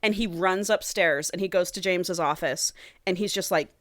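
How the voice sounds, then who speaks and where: A woman's voice: on the low side, normal speed, fairly bright tone, dry recording, clean studio sound. A woman co-hosting a podcast, cheekily retelling a romance novel with profane, quoted character lines. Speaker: podcast co-host. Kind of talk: casual chat recapping a romance novel.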